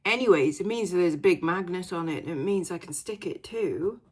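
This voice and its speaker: Woman, husky, low-pitched, chatty, rambling, casual vlog. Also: animated, normal speed, a little mellow. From Wales. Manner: chatty, rambling, lots of fillers and asides. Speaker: resale vlogger.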